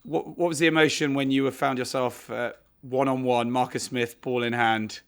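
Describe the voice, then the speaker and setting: A man presenting a podcast, asking questions and running through results in a measured way. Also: medium pitch, fairly even intonation, smooth. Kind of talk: casual chat and results roundup.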